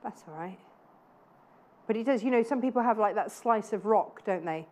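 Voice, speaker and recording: A woman's voice: mid-range voice, moderate pace, darkish tone. A woman in her thirties presenting live TV sales in a chatty, gushing way with self-deprecating asides. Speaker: shopping channel presenter. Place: TV studio.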